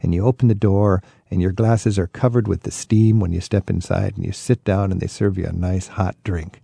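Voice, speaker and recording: Gravelly-voiced radio host. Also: male voice, low voice, steady tone, moderate pace, warm tone, dry recording. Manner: chatty, enthusiastic, riffs with vivid anecdotes. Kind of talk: interviewing a guest on a radio talk show.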